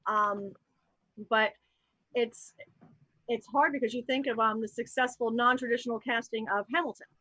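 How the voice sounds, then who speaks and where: Bright-voiced woman from New Jersey. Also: a little high, moderate pace, long pauses, slightly rough, no room sound, low-quality recording. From New Jersey, USA. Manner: animated, candid, thinks aloud with fillers. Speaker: actor and improv performer. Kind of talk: casual panel chat on a live show.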